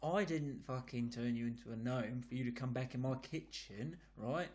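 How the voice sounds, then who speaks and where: A man's voice: medium pitch, moderate pace, a little mellow, natural voice. A man voicing a cranky wizard who talks like a London geezer, swearing his way through every line. He mutters and blusters, all bullying and bluster. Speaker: game master voicing a character.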